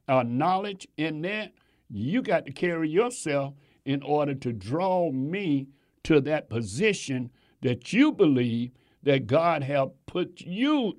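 Slow, emphatic male preacher. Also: fairly high pitch, a little mellow. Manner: emphatic, repeating phrases for stress. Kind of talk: sermon.

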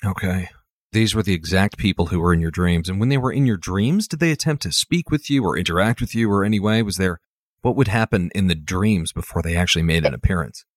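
A man's voice: low-pitched, lively intonation, fairly quick, no room sound, studio quality. A man hosting a podcast interview, listening attentively and asking probing follow-up questions. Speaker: podcast host.

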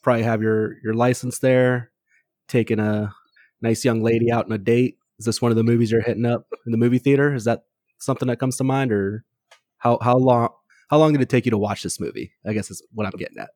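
Deliberate questioning male co-host. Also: mid-range voice, fairly even intonation, a little mellow, dry recording, studio quality. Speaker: podcast co-host. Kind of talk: casual chat.

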